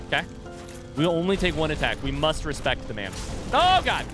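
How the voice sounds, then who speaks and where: An excitable man commentates his own boss fight live, his voice leaping high into yelps and shouts whenever a hit lands close. His pitch sits a little high and swings widely, with game music playing clearly underneath. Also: brisk. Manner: talks to himself and chat while playing. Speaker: streamer.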